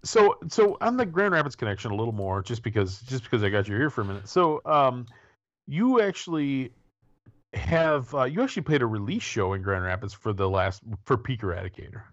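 A podcast host in his forties runs an interview show, chatting casually and jokily while rambling and restarting often. His mid-range voice swings widely in pitch and moves a little fast, recorded with dull audio and no room sound.

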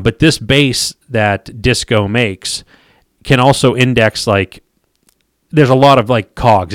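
A man explaining fishing gear in casual chat, talking haltingly with many restarts. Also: fairly low pitch, no echo, studio quality. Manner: hesitant, many fillers and restarts.

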